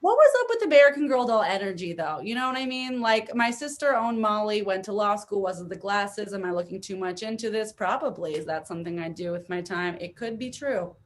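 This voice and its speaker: A woman's voice: medium pitch, animated, a little fast, few pauses. A woman hosting an online comedy show, chatty and self-mocking with rambling asides, speaking over a video call. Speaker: event host.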